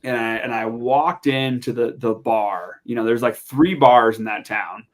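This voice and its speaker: Young adult man, podcast guest; animated, rambling storyteller, mid pitch. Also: unhurried. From Montana, USA. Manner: animated, chatty, lots of fillers. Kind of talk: casual storytelling.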